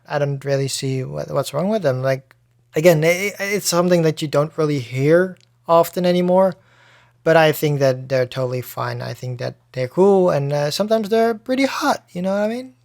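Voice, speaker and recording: A man's voice: a little high, lively intonation, normal speed, vocal fry, darkish tone, no room sound, studio quality. A man hosting a solo podcast in casual chat, talking loosely with plenty of swearing and restarts. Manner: loose and profane, frequent restarts. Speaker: podcast host.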